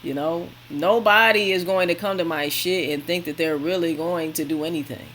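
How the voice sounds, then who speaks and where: A man's voice: fairly high pitch, moderate pace, fairly bright tone. Laid-back man with wry asides. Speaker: reaction channel host. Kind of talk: casual commentary. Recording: echoey room with faint hiss.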